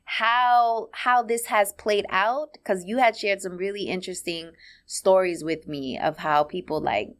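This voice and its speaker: A woman hosting a podcast, asking her guest questions in a relaxed, casual interview. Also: mid-range voice, unhurried. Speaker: podcast host.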